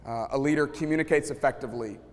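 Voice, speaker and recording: A pastor speaking casually to a live audience, telling stories and acting out what people said, with many restarts. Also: male voice, medium pitch, quick pace. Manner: storytelling, acts out quotes, many restarts. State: sweating, feels hot. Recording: long hall reverb.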